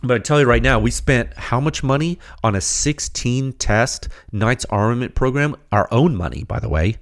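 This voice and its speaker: A man hosting a podcast, slightly hoarse and losing his voice, giving an emphatic, rhetorical unscripted technical monologue straight to his audience. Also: mid-range voice, lively intonation, normal speed. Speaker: podcast host, firearms silencer researcher.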